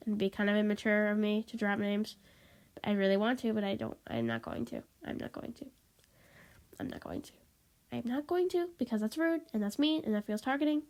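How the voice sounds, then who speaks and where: A woman's voice: mid-range voice, lively intonation, fast talker, darkish tone. A woman vlogging in a casual, rambling monologue, stuffy and sniffling, apologetic and repeating herself, recorded on a tablet. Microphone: tablet microphone.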